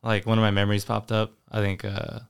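Fast-talking gravelly young man. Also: on the low side, completely flat delivery. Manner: fast, rambling, full of filler likes and swearing. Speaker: podcast co-host. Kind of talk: casual chat.

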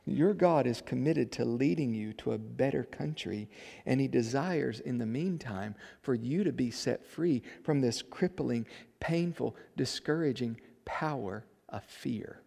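A man preaching a sermon, moving between soft passages and loud emphatic build-ups. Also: medium pitch, measured pace, vocal fry, big-room sound. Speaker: pastor.

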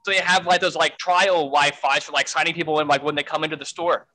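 A man's voice: on the high side, fairly even intonation, fast talker, bright, forceful tone, poor audio. A man telling a frantic story in a casual way, full of fillers and swearing. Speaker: guest storyteller.

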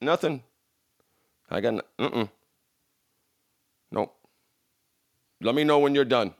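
A man coaching an audience in a motivational talk, emphatic and repetitive, swinging from loud bursts to hushed lines, with frank, salty language. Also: medium pitch, slow pace, no room sound, clean studio sound. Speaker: addiction recovery coach.

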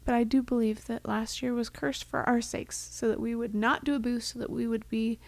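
Young woman, heartfelt and reflective co-host, higher voice, dry recording. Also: flat delivery, brisk, vocal fry, a little mellow, no echo. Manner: heartfelt, reflective, drops to a whisper for quoted thoughts. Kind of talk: casual chat.

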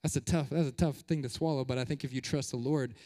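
A young man preaching a sermon as pastor, lively and joking, slipping into playful voices and short of breath. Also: mid-range voice, quick pace, in a large hall. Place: church sanctuary.

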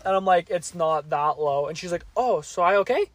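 A man's voice: high voice, animated, a little fast. A man co-hosting a podcast, telling a long work story in casual, profane, rambling chat. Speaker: podcast co-host.

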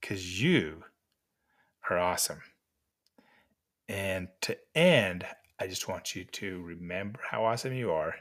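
An older man giving gentle, encouraging life lessons to mentees at an unhurried pace with pauses. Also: sits low, lively intonation. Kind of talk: motivational talk to mentees.

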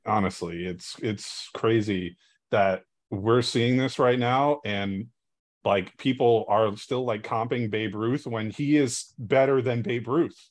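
A man's voice: medium pitch, slow pace. Man, casual sports chat, opinionated, rambling, mid-range voice.

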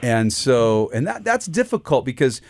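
A man's voice: mid-range voice, very animated, moderate pace, no echo. A man co-hosting a pastors' discussion show, talking loosely and often restarting his sentences as he puts questions to the others. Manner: rambling, restarts often, leads questions to co-hosts. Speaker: pastor co-host.

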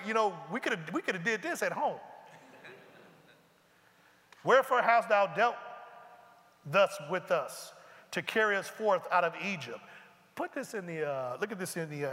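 Bright-voiced preacher in an echoing hall. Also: male voice, high voice. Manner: animated, conversational, breaks into asides and mimics characters. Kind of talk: sermon, reading and explaining scripture. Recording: long reverb of a large hall.

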